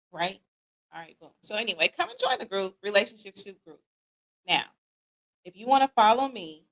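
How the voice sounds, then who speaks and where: A middle-aged woman, hosting a casual livestream and greeting viewers in a lively, slangy, playful way. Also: a little high. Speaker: podcast host.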